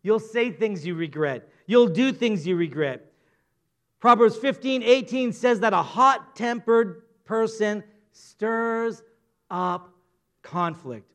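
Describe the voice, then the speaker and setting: Very high-voiced male preacher. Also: measured pace. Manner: playful, conversational, asks the audience. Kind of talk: sermon.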